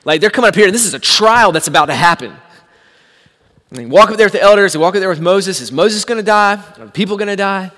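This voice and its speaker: A man preaching a sermon, telling the story with animated swings from hushed to shouting. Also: sits high, fast talker, long reverb tail. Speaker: pastor.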